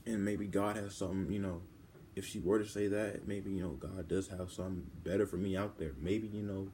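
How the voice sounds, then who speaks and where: A teenage boy with a low, dark voice talks through a personal vlog, halting and rambling, full of restarts. He sounds close to tears. Faint background noise sits under his voice. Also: steady tone. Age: teens. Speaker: vlogger.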